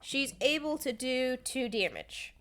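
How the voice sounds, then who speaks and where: A woman running a tabletop game as game master, narrating in a brisk, blunt, teasing way. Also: sits high, lively intonation, fairly bright tone.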